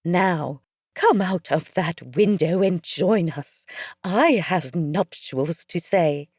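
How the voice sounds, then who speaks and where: A woman's voice: lowish voice, takes it slowly, a little mellow, slightly rough, no room sound, clean studio sound. A woman voicing a playful, regal female fairy queen with a teasing, lofty manner.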